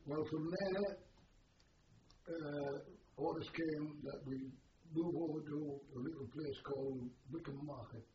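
An older army veteran telling oral history stories in a rambling, hesitant way, full of uhs and chuckles. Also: male voice, a little high, steady tone, measured pace, noisy background. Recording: roomy, distant, dull lo-fi tape.

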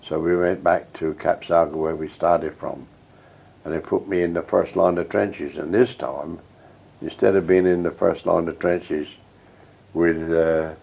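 A man's voice: sits low, creaky, slightly rough, highs cut off. An elderly man with a rambling, reminiscing way of telling stories, interviewed for an oral history. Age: older. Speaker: veteran interviewee.

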